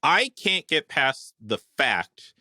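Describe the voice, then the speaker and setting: Male podcast co-host, mid-pitched, bright tone, deadpan jokes, dry sound. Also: takes it slowly, no echo. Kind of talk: casual movie review chat.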